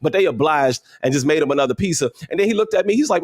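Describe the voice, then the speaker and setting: A man's voice: fairly high pitch, animated, very fast. A man hosting a motivational livestream, talking casually and emphatically, repeating his points and using slang. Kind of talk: animated motivational talk.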